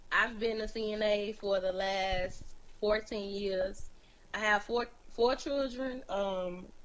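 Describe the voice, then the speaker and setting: A woman from Chicago talks openly as an interview guest, frank and quick to laugh. Her voice is bright and sits at a middle pitch. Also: rough recording. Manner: candid, frank, laughs easily. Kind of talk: personal interview storytelling.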